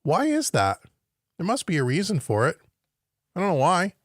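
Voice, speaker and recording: A man's voice: sits high, wildly swooping pitch, moderate pace, dry recording, clean studio sound. A man teaching home recording on a live stream, thinking aloud as he works and puzzling over what he sees on screen. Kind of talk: live-stream software walkthrough. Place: home studio.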